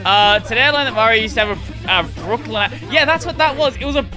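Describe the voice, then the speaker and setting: Lively, bright-voiced streamer guy. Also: very high-pitched, quick pace, music in the background. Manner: rambling, restarts sentences, laughs often. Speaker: gaming streamer. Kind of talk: casual live-stream commentary.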